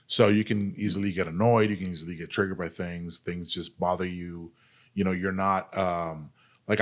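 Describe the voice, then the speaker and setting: A man, an army veteran and podcast guest, telling his story in a casual, candid way, blunt and profane, full of "like" and "dude". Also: sits low. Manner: earnest, speaks openly about pain and recovery.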